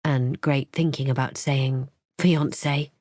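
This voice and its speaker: A woman voicing a nervous, apologetic man who speaks slowly and carefully. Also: very deep voice, steady tone, darkish tone, no echo, studio quality, exaggerated voice. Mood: sheepish. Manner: slow, careful, hesitant.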